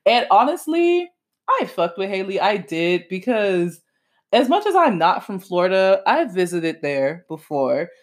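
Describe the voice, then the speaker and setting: A young woman talks in a loose, opinionated monologue, full of sass. Her pitch swings widely, jumping high for emphasis and dropping low for asides, at a middle pitch for a woman. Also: measured pace. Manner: animated, sassy, swings pitch for emphasis and quotes. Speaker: podcaster reviewing reality TV.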